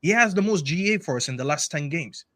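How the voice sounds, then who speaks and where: A man's voice: on the high side, animated, fast talker, sharp tone, dry recording. A man arguing football in a casual panel debate, emphatic and repetitive, often cutting in. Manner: emphatic, repeats himself, interrupts.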